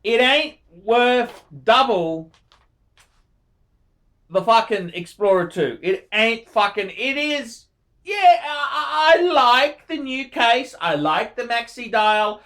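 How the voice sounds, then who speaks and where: Swearing, excitable man in his forties. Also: very high-pitched, slow. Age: 40s. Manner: profane and emphatic, repeats words for emphasis; effusive, enthusiastic. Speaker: watch channel host. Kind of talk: casual review monologue.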